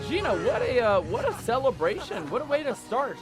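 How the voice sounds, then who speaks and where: A man's voice: very high voice, sing-song, brisk, music in the background. A man streaming live games, playing a playful pirate captain who hypes up his viewers with lots of repetition. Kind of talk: live game stream commentary.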